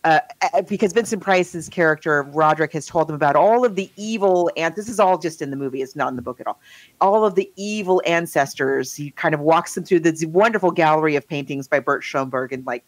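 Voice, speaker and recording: A woman's voice: deep voice, brisk, no echo. A woman co-hosting a podcast, chatting casually and enthusiastically. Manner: chatty, enthusiastic, voices quoted people playfully. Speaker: podcast co-host. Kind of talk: casual chat.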